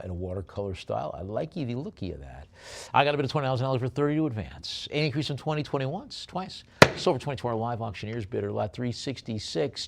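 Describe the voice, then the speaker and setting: An older man with a New York accent running a live auction, calling bids quickly and dropping joking asides between lots. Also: fairly low pitch. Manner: chatty, joking asides between rapid bid calls.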